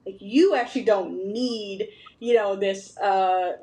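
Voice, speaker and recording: A woman host in a casual podcast conversation, telling family stories with lively retellings of what her relatives said. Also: medium pitch, slow pace. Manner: animated storytelling, acting out family members' lines.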